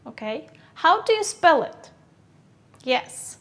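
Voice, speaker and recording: A woman teaching an English vocabulary lesson, asking questions and answering them herself, drilling words slowly and clearly. Her first language is Kyrgyz. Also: on the high side, big pitch swings.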